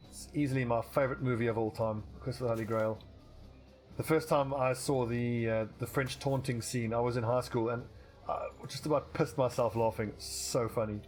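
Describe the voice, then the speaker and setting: Man, casual game commentary, rambling and chatty, mid-pitched voice, faint music underneath. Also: steady tone, moderate pace, a little mellow. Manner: chatty, rambling, trailing restarts, swears casually. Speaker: let's play commentator.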